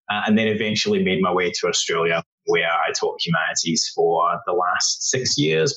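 A man's voice: on the low side, fairly bright tone, dull audio. A man in his thirties with a Scottish accent, chatting casually as an interview guest. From Scotland.

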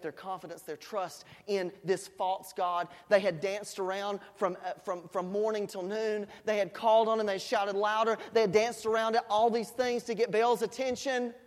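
A preacher giving a sermon with playful, joking storytelling, swinging between loud shouts and quiet asides. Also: medium pitch, big-room sound.

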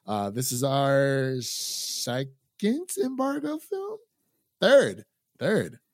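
Hombre de Ohio, anfitrión de podcast charlatán. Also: male voice, mid-range voice, big pitch swings, very slow, dry recording, clean studio sound. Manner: laughs often, chatty with fillers. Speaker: podcast host. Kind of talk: casual podcast chat.

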